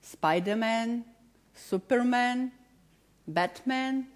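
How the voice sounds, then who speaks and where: A woman's voice: fairly high pitch, drawn-out words. A woman in her forties with a non-native, slightly British-tinged accent, giving an enthusiastic talk to a live audience and speaking to them directly. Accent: non-native English with a slight British tinge. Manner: enthusiastic, self-deprecating, addresses audience directly. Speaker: positive psychology lecturer. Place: large public hall.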